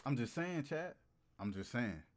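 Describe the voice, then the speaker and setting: A male streamer talks straight to his chat in a loose, slangy, profane way. His pitch swoops up and down a lot, and he repeats lines over and over for emphasis. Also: measured pace. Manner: animated and repetitive, repeating phrases for emphasis. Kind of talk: casual chat to a livestream audience.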